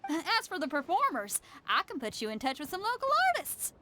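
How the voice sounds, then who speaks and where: A woman's voice: high-pitched, very animated, fairly quick, background noise. An actress voicing a brash young woman rock musician with a strong Southern US accent in a video game. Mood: eager. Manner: bold, breezy, confident.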